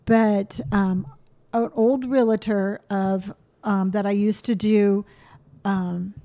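A woman from California chatting casually as host, talking quickly and freely. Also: medium pitch, fairly even intonation, mellow. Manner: quick, chatty, self-described fast talker. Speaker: YouTuber and host. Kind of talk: casual chat.

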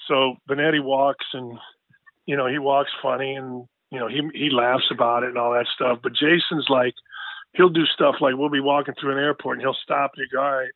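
A man's voice: mid-range voice, little pitch movement, brisk, no room sound. A man, a sports broadcaster, chatting casually and telling rambling jokey stories with lots of restarts. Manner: joking, rambling storyteller with frequent restarts. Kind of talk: casual interview chat. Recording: tinny phone line, dry.

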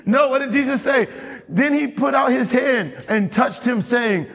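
A man's voice: very high voice, normal speed, fairly bright tone. A man preaching a sermon as pastor, often asking the congregation questions and waiting for their response. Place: church hall. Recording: long hall reverb.

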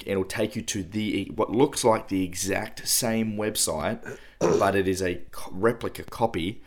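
A man co-hosting a podcast, calmly walking through how a scam works in casual chat. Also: fairly low pitch. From Australia. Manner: explanatory, steady walkthrough. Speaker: podcast co-host.

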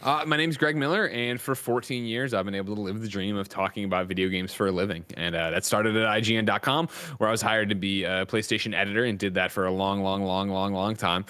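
Man, podcast guest, lowish pitch, animated and jokey, casual chat. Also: fast, few pauses, clean tone. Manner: loud, animated, jokey rants. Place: San Francisco, California.

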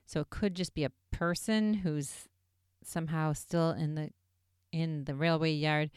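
A woman casually recapping an episode in a chatty, excitable way, full of "like" fillers. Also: sits low, unhurried, clean tone, dry recording, studio quality.

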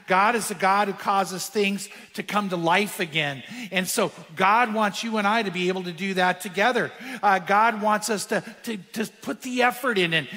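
A man preaching a sermon. He tells a quiet, hushed story and then rises into emphatic preaching. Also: long reverb tail. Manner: drops to a hushed, quiet voice when telling a moving story; rises to higher, emphatic preaching when making points. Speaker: pastor.

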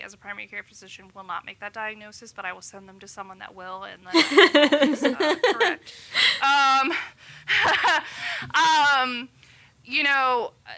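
A woman's voice: a little high, bright, forceful tone. A woman in her thirties, a physician, chatting casually and acting out quotes as she tells a story. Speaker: physician guest. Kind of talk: casual podcast chat.

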